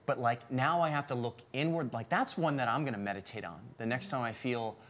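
A man with a voice of middling pitch who reflects aloud. He halts often and fills his pauses with "like," searching for his words. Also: a bit bright. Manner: reflective, halting, many fillers. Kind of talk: conversational faith discussion.

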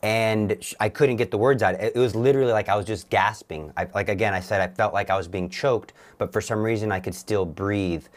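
Low-voiced man telling an earnest testimony. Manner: earnest, halting with restarts. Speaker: guest. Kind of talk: personal testimony in an interview.

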